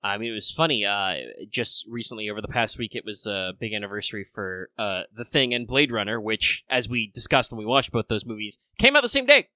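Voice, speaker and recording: A man's voice: on the low side, expressive, a little fast, hardly any pauses, bright, forceful tone, no room sound. A man hosting a casual podcast chat, rambling with lots of fillers, a bit under the weather. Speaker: podcast host.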